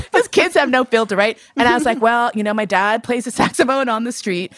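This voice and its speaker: A woman's voice: fairly high pitch, fairly bright tone, no room sound. A woman in her fifties from New York City, telling personal stories candidly and expressively, swearing casually. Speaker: guest.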